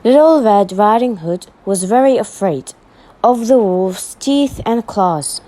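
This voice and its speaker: A woman with Arabic as her first language, teaching English by reading a story aloud and saying each vocabulary word twice, clearly and carefully. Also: mid-range voice, expressive, slow, mellow, low-quality recording. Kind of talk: slow read-aloud English lesson.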